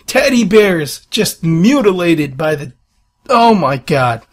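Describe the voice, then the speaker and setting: A man's voice: high voice, sing-song, slow. A young man playing a horror game, commenting as he goes, panicking, swearing and begging to be left alone. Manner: panicky, swearing, pleading with the monster. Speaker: gaming channel host.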